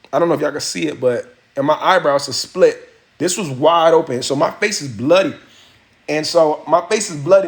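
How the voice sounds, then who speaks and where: A man hosting a livestream, telling a story casually and animatedly, full of profanity and acted-out quotes. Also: a little high. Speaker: livestream host. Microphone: phone or webcam mic.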